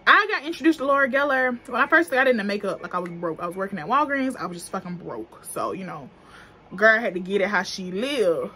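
A woman's voice: medium pitch, expressive, brisk, bright, forceful tone, slight background noise. A young adult woman talking in African American Vernacular English, chatty and profane, reviewing makeup in a casual vlog. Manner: chatty, slangy, profane, laughs often. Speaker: beauty vlogger.

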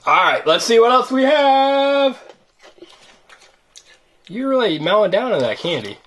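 A woman's voice: on the high side, unhurried, a little hiss or hum. A woman hosting a toy-unboxing video, chatting playfully and teasingly with a child as they open surprise eggs. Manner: animated, teasing, sing-song. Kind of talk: playful chat with a child while opening toys.

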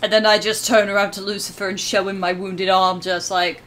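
A woman's voice: mid-range voice, flat delivery, a little fast, fairly bright tone, a little hiss or hum. A woman playing in a tabletop game over online voice chat, playful and blunt. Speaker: player.

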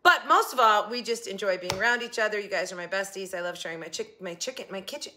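A woman hosting a shopping haul channel talks fast from her home kitchen, her medium-pitched voice pushed and bright. She rambles chattily and keeps interrupting herself mid-thought. The phone camera recording carries a little hiss or hum.

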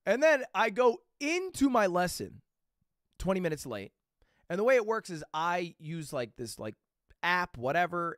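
A man with a slightly high voice that swings widely up and down, spinning a loose, profane story for his live chat. He keeps stopping to check in with quick asides before charging on, and the sound is close and dry with no room around it. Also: no echo. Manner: animated, rambling anecdotes with frequent "okay?" and "right?" check-ins; casual and profane. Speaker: livestreamer.

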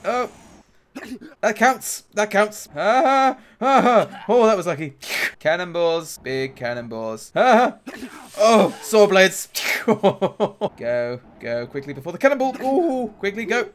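A man commentating a video game as he plays, excitable, often laughing, groaning and cheering. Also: high voice, slow pace. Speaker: gaming YouTuber. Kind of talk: let's play commentary.

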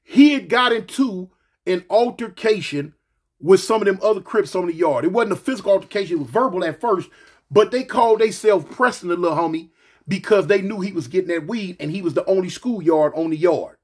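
A man telling a story from his past casually, slangy and animated, acting out the other voices. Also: sits high, a little fast, breathy edge.

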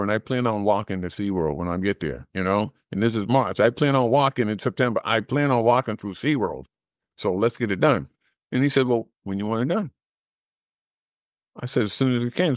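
A middle-aged man telling a personal story as an interview guest, animated and acting out the dialogue he recalls. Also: lowish voice, no room sound, studio quality. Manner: animated storyteller who acts out quoted dialogue, laughs at his own jokes.

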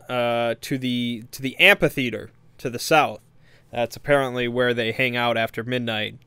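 A man walks through a tabletop game session in a loose, rambling recap, circling back on himself and chuckling at his party's choices. His voice is smooth and clear at a middling pitch. It is recorded close and dry. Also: a bit bright, no echo. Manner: meandering, hesitant, amused storytelling. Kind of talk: casual spoken recap.

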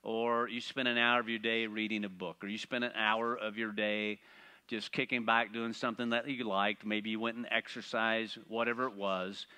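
A man preaching a sermon, animated and playful, asking the congregation rhetorical questions. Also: on the low side, normal speed, smooth. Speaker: pastor.

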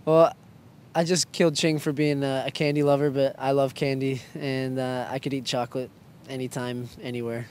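A young man, a soccer player, answering quick-fire interview questions in a playful, joking way. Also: mid-range voice, level tone, darkish tone, slight background noise. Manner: playful, joking, self-mocking.

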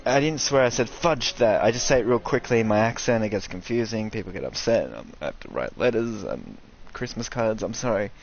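Excitable, sweary Aussie gamer guy. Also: fairly low pitch, fairly quick, vocal fry, few pauses, lo-fi sound, soft background music. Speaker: gaming streamer. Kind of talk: casual game commentary.

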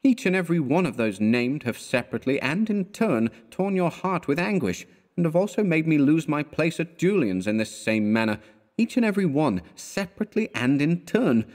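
A man's voice: medium pitch, very animated, brisk, big-room sound, voice pushed up, natural voice. A man voicing an exasperated young male art student who scolds his friend with scorn. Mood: scornful.

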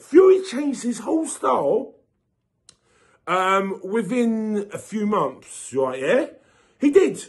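A man, hosting his own boxing channel and ranting casually, swearing and repeating himself as he grows louder. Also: sits high. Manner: animated, swearing, repeats himself, rising to shouts. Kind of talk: casual boxing opinion rant.

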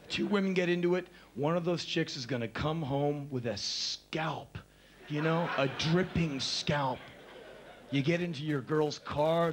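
A man in his thirties doing a live spoken word stand-up monologue, intense and ranting, on a stage. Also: a little hiss or hum. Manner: intense, ranting, acts out shrill voices.

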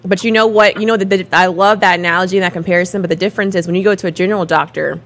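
A woman co-hosting a sports morning show, talking in lively, emphatic bursts and often repeating her words. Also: on the low side, rapid-fire. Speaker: co-host.

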